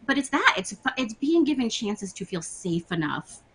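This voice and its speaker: A woman on a discussion panel, telling a personal story in a lively, laughing way and acting out quotes. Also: a little high, moderate pace, a little hiss or hum, poor audio. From Latina.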